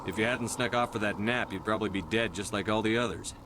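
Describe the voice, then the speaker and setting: A man playing a low, quick, blunt military commander. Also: noisy background, close to an everyday voice. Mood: firm. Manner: terse, firm questioning. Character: commanding male military officer, blunt interrogator. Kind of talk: video game voice acting. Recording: game audio with music behind.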